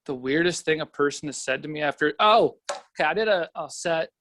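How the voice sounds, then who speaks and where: A man's voice: a little high, animated, fairly quick, a bit bright, slight background noise. A young Canadian man, a comedian guest, telling stories in a rambling, profane way on a casual podcast.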